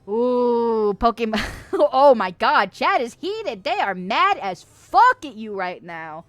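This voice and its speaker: Young woman streamer hamming up a fake sermon for chat, kinda high voice, dry close mic, laughing and yelling. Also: slow, dry recording. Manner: animated, swearing, bursts of laughter and loud exclamations. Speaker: streamer hosting a mock confession segment. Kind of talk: playful mock-sermon, reading chat aloud.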